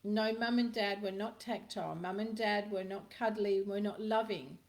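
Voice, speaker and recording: A woman's voice: medium pitch, steady tone, moderate pace, a little mellow. Chatty middle-aged woman spiritual healer. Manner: chatty storyteller, addresses viewers by name, emphatic repetitions. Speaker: spiritual healer hosting a live stream. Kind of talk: casual live-stream talk answering viewer comments.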